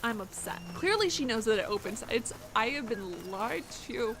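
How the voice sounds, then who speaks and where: A woman's voice: fairly high pitch, lively intonation, moderate pace, background noise. A woman streaming a video game, ranting in dramatic exasperation. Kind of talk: live game stream commentary.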